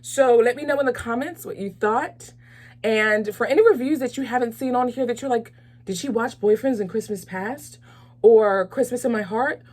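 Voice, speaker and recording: A woman hosting a casual movie review vlog, talking in an animated, enthusiastic, chatty way with frequent fillers. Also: a little high, moderate pace. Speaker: host of a movie review channel.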